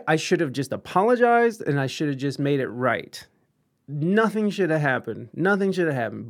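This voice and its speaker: A young man with a voice on the high side tells a story in casual chat, full of swearing, restarts and self-deprecating humor.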